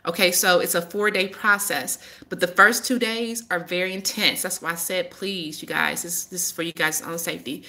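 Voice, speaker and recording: A woman's voice: fairly low pitch, fairly even intonation, moderate pace, hardly any pauses, bright, forceful tone. A woman hosting a live stream as a healer, talking casually and firmly repeating her warnings to viewers.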